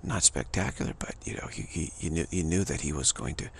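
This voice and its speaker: With a gravelly bass voice, a man speaks expressively and fairly quickly to an audience. His rambling monologue is loose and repetitive, punctuated by drum-like scatting and asides, and there's a little hiss or hum.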